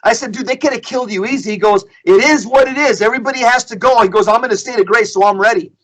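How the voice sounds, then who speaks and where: High bright voiced guy, middle-aged, tells the story hard, repeats himself a lot. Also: fast talker, rough recording. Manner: emphatic, repeats phrases, acts out quotes. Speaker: guest speaker. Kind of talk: storytelling in a podcast discussion.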